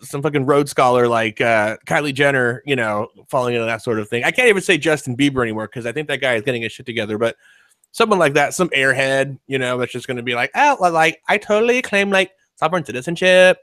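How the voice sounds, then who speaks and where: A man's voice: medium pitch, quick pace, a bit bright, no room sound. A man hosting a casual podcast chat, rambling and profane, laughing often as he talks. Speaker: podcast host.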